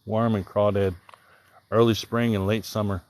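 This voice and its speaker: A man with a mild Southern accent talks in a low, easygoing voice and rambles casually while he fishes. He thinks aloud and answers viewers on a live stream outdoors. Crickets chirp faintly in the background. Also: level tone, normal speed, a little mellow. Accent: Southern American. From Southern Illinois. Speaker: livestreaming angler. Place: outdoors by the water.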